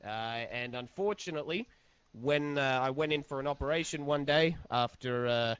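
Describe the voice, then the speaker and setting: A man playing an easygoing small-town sheriff with an Australian accent, rambling with halting restarts in an improvised interview. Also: medium pitch, a bit bright, smooth, no room sound, close to an everyday voice. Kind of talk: improvised role-play interview. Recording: dull lo-fi game voice chat.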